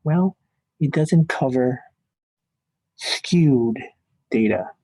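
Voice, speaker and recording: A man's voice: mid-range voice, expressive, very slow, dark tone, dry recording, rough recording. A man teaching statistics in a classroom lecture, chatty and joking as he thinks aloud at the board.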